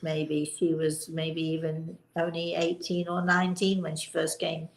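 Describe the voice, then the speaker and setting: A woman's voice: low voice, completely flat delivery, a little slow, roomy sound, rough recording. An older woman hosting a live-stream chat, teaching in a chatty way and stressing key words. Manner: emphatic on key words, warm chatty restarts. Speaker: host and spiritual teacher.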